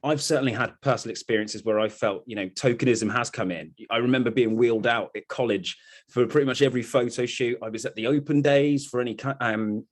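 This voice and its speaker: A man of middle pitch hosts an open discussion over a video call. He speaks in a reflective, encouraging way, leaning on casual fillers as he thinks out loud. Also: a little fast. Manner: encouraging, reflective, many "you know" fillers. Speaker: discussion host.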